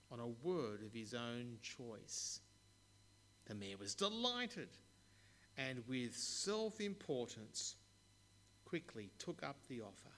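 A man preaching a sermon, telling stories in a measured way with occasional stumbles. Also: medium pitch, fairly bright tone, slight background noise. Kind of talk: sermon with storytelling.

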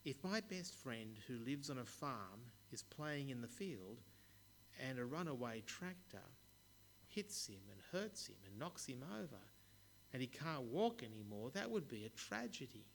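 A man's voice: mid-range voice, sing-song, unhurried, a little hiss or hum, poor audio. A man voicing an earnest little boy in a classroom, telling it plainly.

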